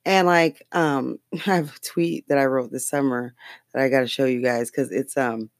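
A podcast host rambles through political gossip in a loose, profane way and breaks into laughter often. The voice sits at a middling pitch and is recorded close and dry, with no room sound. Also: steady tone, normal speed, dry recording. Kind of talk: casual political chat.

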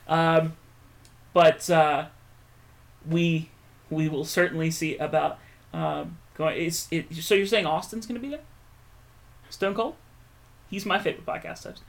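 A man's voice: a little high, measured pace, pauses often. A man co-hosting a wrestling podcast, chatting casually and teasing his co-host. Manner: joking, teasing banter. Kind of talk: casual chat.

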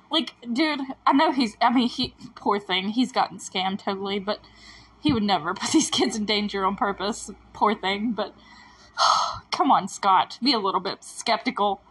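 A woman's voice: mid-range voice, normal speed, fairly bright tone, breathy edge, poor audio. A woman hosting a casual podcast, recapping a show episode in a chatty, exasperated way, laughing often and going off on tangents. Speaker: podcast host.

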